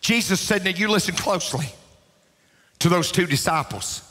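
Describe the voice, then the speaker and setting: A man preaching a sermon as pastor, emphatic and rising to shouts, repeating key lines for emphasis. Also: sits high, moderate pace. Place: church sanctuary. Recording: long reverb of a church hall.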